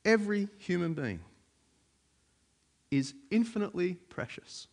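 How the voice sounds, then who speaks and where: A man's voice: sits high, animated, a little slow, gravelly. A man preaching a sermon in a conversational way, with frequent fillers.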